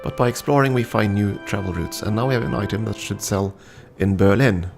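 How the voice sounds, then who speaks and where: Low, gravelly man playing a game. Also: fairly quick, over music. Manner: casual, thinking aloud with frequent ums. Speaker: game streamer. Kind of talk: let's play commentary and reading game text aloud.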